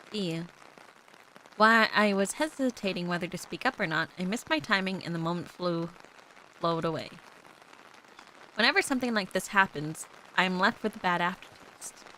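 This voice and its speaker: A woman's voice: on the low side, fairly quick, bright, forceful tone, a little hiss or hum, rough recording. A young woman streaming as a VTuber, chatting playfully with lots of giggles and reading a visual novel aloud.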